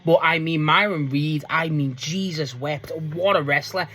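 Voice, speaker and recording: A man giving a casual, rambling solo review recap, full of likes and ums, casual swearing, and bursts of pitch when he acts out quotes. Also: measured pace, bright, forceful tone. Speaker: show reviewer.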